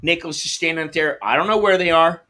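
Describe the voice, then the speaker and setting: A man's voice: fairly high pitch, fast talker, bright, forceful tone, a little hiss or hum. A man hosting a livestream, telling a frustrating delivery story and reading comments, swearing and acting out both sides of the calls. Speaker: livestream host.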